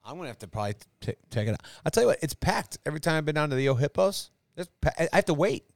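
Animated higher-voiced man reacting eagerly. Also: dry recording, clean studio sound. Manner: excitable, quick reactions. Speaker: podcast co-host. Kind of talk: casual chat.

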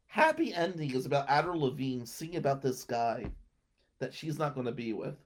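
A young man with a medium-pitched, sing-song voice tells a rambling personal anecdote at a moderate pace. He laughs between lines, keeping it casual.

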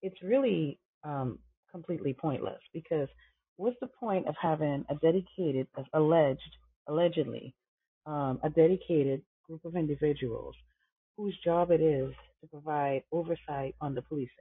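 Gravelly, husky man over a phone line. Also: a little high, normal speed. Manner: emphatic, repeats phrases, rhetorical questions. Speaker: podcast host. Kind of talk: impassioned commentary.

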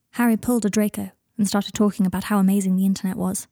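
A woman narrating a fan-fiction story in an even, steady storytelling manner. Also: mid-range voice, fast talker, vocal fry, hardly any pauses, no room sound, studio quality. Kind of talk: audiobook narration.

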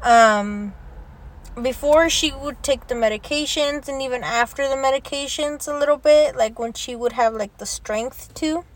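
A woman's voice: high voice, normal speed. A young woman in casual chat who swears freely, laughs often and drops Spanish words into her talk. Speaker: vlogger.

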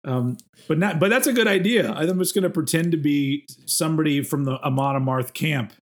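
Male podcast co-host, slightly high voice, rambling and self-deprecating. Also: a little fast. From Texas. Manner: rambling, self-mocking, with restarts. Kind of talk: casual chat.

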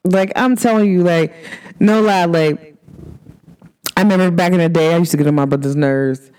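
A woman's voice: fairly low pitch, moderate pace, a little mellow, clear, resonant tone. A woman from Cincinnati hosting a podcast, talking to her listeners in a casual, slangy way, laughing often and acting out what people said. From Cincinnati, USA. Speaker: podcast host.

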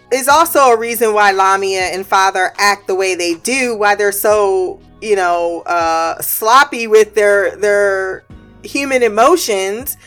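Slow-talking woman recapping a show, laughing. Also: medium pitch, a bit bright. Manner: laughs often, swears freely, slangy asides; acts out characters' lines while retelling. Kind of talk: casual episode recap.

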